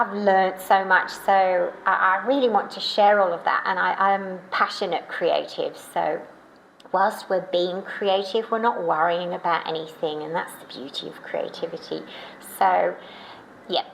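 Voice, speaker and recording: A woman's voice: lowish voice, a little slow, creaky, a bit bright, slight background noise, poor audio. A woman who writes novels, talking casually to the camera from an art studio. She is chatty and enthusiastic and often restarts her sentences. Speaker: novelist and channel host.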